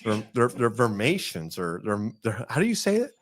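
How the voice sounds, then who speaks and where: A man's voice: on the low side, wildly swooping pitch, normal speed. A man from Texas co-hosting a casual podcast, rambling and joking, often laughing. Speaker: podcast co-host. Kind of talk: casual chat.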